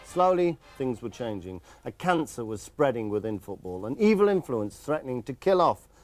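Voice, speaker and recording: A man's voice: medium pitch, sing-song, moderate pace, a little mellow, faint music behind. A man narrating a comic documentary in a wry, sarcastic way, breaking in on interviewees.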